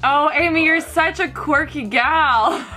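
A woman's voice: high voice, takes it slowly, pushed and bright, faint music behind. A woman from Canada on a game show as a contestant, teasing and giggly. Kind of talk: casual game show banter.

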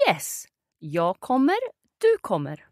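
A Swedish woman with a Swedish accent teaching her native language, encouraging the learner and saying words clearly for him to copy. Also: fairly low pitch, wildly swooping pitch, slow pace, darkish tone, dry recording, clean studio sound. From Sweden. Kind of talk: conversational language lesson.

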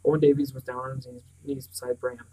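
Husky-voiced man reading a novel aloud. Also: medium pitch, level tone, fast, dark tone, rough recording. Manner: stumbles and restarts words. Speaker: narrator. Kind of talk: audiobook reading.

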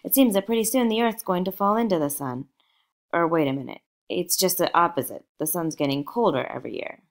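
Woman reading as a loud pushy rich guy, low gravelly voice, storybook audiobook. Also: brisk, lightly acted. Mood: genial. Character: brash wealthy man, loud and overbearing.

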